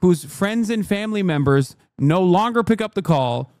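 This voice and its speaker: A man's voice: sits high, expressive, normal speed, darkish tone, no room sound, studio quality. A man in his thirties streaming a profane, combative rant straight at his chat. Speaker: streamer reacting to news.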